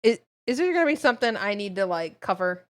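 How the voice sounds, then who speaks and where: Streaming a game live, a woman reads its text aloud and reacts with animated, mock-angry commentary full of swearing. Her mid-range voice runs fast but sounds strained, as if she's losing it.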